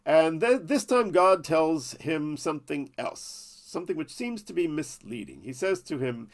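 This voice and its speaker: A man's voice: on the high side, sing-song, a little slow, few pauses. A man telling a Bible story as a lesson, with playful, jokey asides. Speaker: Torah teacher.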